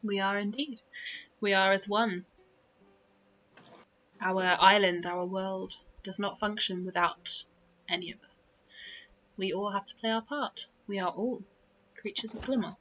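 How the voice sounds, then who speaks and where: Woman doing a bright-voiced fey guy, gentle and formal, super patient. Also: mid-range voice, steady tone, a little slow, pauses often, highs cut off, lightly acted. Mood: serene. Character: gentle pink-eyed male fey creature. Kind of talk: tabletop game role-play.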